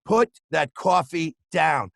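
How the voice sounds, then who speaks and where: A man's voice: on the high side, expressive, slow, gravelly, a bit bright, dry recording, studio quality, heavily acted. A man doing an impression of an aggressive, foul-mouthed male salesman boss, barking with contempt. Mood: contemptuous.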